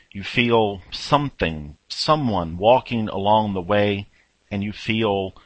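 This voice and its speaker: A man preaching a reflective sermon, guiding listeners through an imagined scene in measured phrases with dramatic pauses. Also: on the low side, a bit bright, dry recording, low-quality recording. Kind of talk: reflective sermon in guided second-person imagery.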